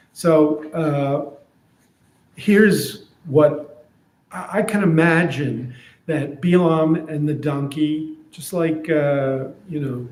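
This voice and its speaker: A man teaching an adult education class on a scripture story, in an easygoing, thoughtful way with many pauses and fillers, in a synagogue classroom. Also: fairly high pitch, a little mellow. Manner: slow, thoughtful, with frequent hesitations. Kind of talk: informal Torah class. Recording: roomy echo.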